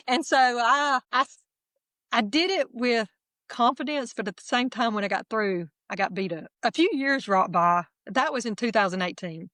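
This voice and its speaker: A middle-aged woman, candidly telling her personal testimony as a guest in a lively, self-deprecating way. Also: on the high side, normal speed, no echo.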